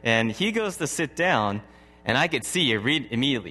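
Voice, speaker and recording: This is a man in his thirties giving a sermon, recounting something personal in a conversational way with frequent chuckles. His mid-range voice has lively intonation and sounds pushed and bright, moving a little fast. There is a little hiss or hum, and the sound echoes with long hall reverb.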